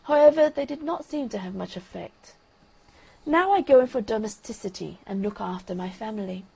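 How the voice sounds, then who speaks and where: A peaceable, gossipy duck lady chatters in a slightly raised, prim voice, as a woman reads her. Her voice is husky with a gravelly edge. She is a gentle storybook creature who never quarrels with anyone. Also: on the high side, animated, moderate pace, exaggerated voice. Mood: chatty. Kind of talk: bedtime story reading.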